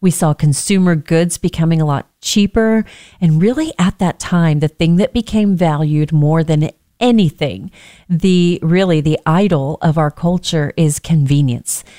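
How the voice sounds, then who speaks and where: A woman's voice: low-pitched, a little slow, dark tone, no room sound, studio quality. An American woman hosting a reflective faith-based talk, telling personal stories in an earnest way with self-deprecating asides. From United States.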